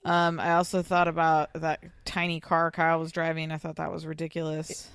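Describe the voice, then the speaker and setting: A woman's voice: deep voice, completely flat delivery, fairly quick, a bit bright, clear, resonant tone. A woman co-hosting a podcast who leads the topics in casual gossip chat, using many ums and likes. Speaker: podcast co-host.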